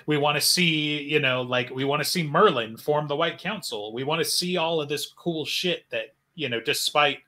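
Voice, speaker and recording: A man's voice: on the high side, moderate pace, hardly any pauses, bright, forceful tone. A man co-hosting a podcast in casual chat, rambling with many fillers.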